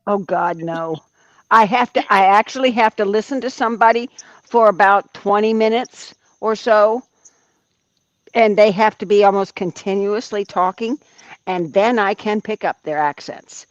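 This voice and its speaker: A woman's voice: medium pitch, normal speed, no echo, highs cut off. A woman in her seventies on a livestream, chatting and telling stories with frequent laughs. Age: 70s. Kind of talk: casual chat.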